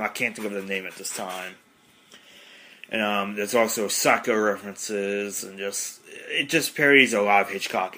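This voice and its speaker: A man hosts a casual podcast monologue and rambles with plenty of fillers. His voice sits a little low. His tone is bright and forceful. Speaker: podcast host.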